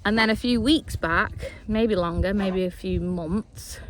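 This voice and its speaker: A woman's voice: medium pitch, unhurried, slight background noise. A young woman, chatting casually to a handheld phone in a big field with horses and dogs. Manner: chatty, laughing asides, talking to animals. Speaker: vlogger. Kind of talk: casual vlog chat.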